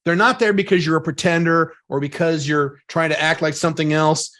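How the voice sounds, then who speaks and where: A man talking on a podcast, blunt and emphatic, with swearing sprinkled through. His voice sits fairly high for a man. He talks in a casual, punchy way. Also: fairly even intonation, a little fast, fairly bright tone. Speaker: podcast co-host.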